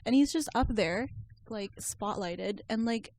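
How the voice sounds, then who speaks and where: In a dry recording, a woman in her twenties co-hosts a podcast, her voice on the higher side and her pace unhurried. She chats casually, laughs a lot, and tells stories with animation.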